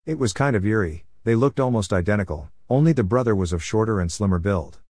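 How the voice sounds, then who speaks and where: A man calmly narrating a first-person story from his past, in a matter-of-fact way. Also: on the low side, quick pace, no room sound, clean studio sound.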